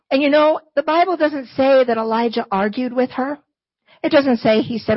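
A woman's voice: sits high, normal speed, no echo, highs cut off. A woman preaching and reading scripture to her church, earnest and emphatic and repeating key phrases. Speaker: church speaker, not the pastor.

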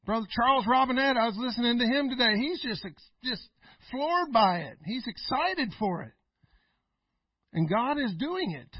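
A middle-aged male pastor preaching a folksy sermon, laughing often and swinging between loud and quiet. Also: extremely high pitch, lively intonation, normal speed, husky, no echo, muffled recording.

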